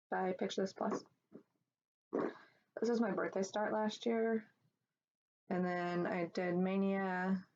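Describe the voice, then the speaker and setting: A woman's voice: mid-range voice, gravelly, a little mellow. A woman vlogger chatting casually at home about her stitching projects, rambling with fillers and restarts. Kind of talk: casual show-and-tell chat. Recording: dull lo-fi sound with faint background noise.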